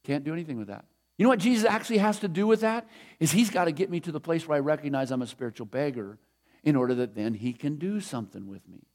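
Middle-aged male pastor, high voice, conversational and emphatic sermon delivery. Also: quick pace, darkish tone. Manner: conversational, emphatic preaching with repeated phrases.

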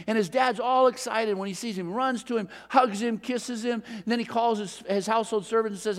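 A middle-aged man preaching a sermon as a pastor, telling a story in a relaxed, conversational way. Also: high voice, a little fast. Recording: long reverb of a large hall.

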